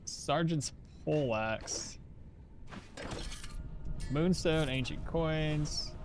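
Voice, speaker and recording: A man's voice: a little high, drawn-out words, music in the background. A man streaming a game live, chatting casually and answering his chat while he plays. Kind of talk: casual live gameplay commentary.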